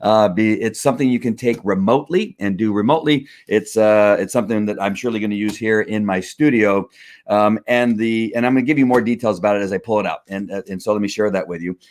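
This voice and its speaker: A man's voice: fairly low pitch, fast talker, darkish tone. A man in his home studio, rambling casually with many fillers while unboxing a gift on a live stream, a little out of breath.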